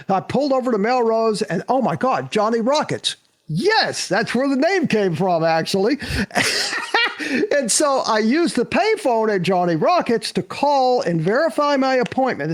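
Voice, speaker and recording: Animated older man telling stories. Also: high-pitched. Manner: animated, acts out quotes, laughs often. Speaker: guest, former actor. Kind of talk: anecdotal storytelling.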